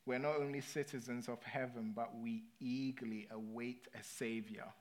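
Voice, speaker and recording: A man's voice: mid-range voice, fairly even intonation, moderate pace. A British man preaching a sermon in a conversational way, often checking in with his listeners. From Britain. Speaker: pastor.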